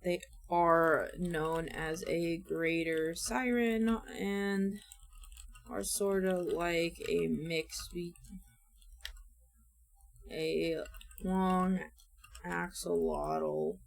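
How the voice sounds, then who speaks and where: A woman's voice: lowish voice, steady tone, drawn-out words, vocal fry, long pauses. A woman streamer chatting casually and goofily to her viewers as she works. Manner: goofy, rambling, talks to herself. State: hiccuping. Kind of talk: casual chat while working.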